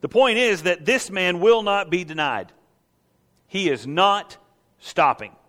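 A man preaching with a fairly high, animated voice, leaning on rhetorical questions and acting out the story for his listeners. His sermon rings out with a long reverb, as if in a large hall. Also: takes it slowly. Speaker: pastor.

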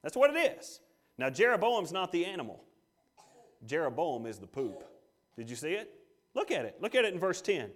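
A male pastor delivers a sermon in a slightly high voice. He preaches emphatically, rising to loud declarations and dropping to hushed asides. He reads scripture aloud and speaks God's lines in quotes. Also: sing-song, moderate pace.

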